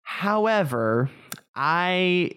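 A man's voice: high-pitched, big pitch swings, extremely slow, fairly bright tone, smooth. A man co-hosting a casual podcast, talking things over with lots of fillers and restarts. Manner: chatty, hedging with fillers and restarts. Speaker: podcast co-host. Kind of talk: casual chat.

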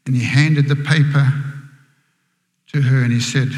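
A man preaches a sermon through a dramatic story, often falling to a hushed whisper. His middle-pitched voice rings out into a large hall. A long reverb trails after each phrase. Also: steady tone, a little slow, pauses often.

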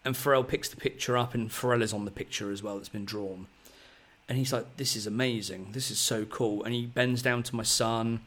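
Male podcast host, 30s, mid pitch, excitable rambling storyteller. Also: brisk. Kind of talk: casual storytelling chat.

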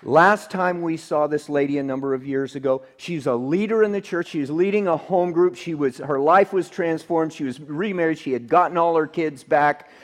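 Man preaching with a high voice. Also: normal speed, hardly any pauses. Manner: storytelling, swings from emphatic to hushed. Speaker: pastor. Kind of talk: sermon.

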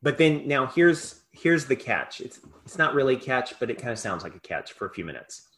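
A male preacher giving a sermon, impassioned, swinging between loud emphasis and hushed asides. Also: mid-range voice, sing-song, brisk.

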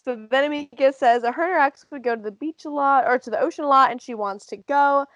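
A woman's voice: high-pitched, fast, no echo. A woman co-hosting a casual podcast chat, recapping a show and laughing often. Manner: lively recap with frequent laughs and fillers. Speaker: podcast co-host.

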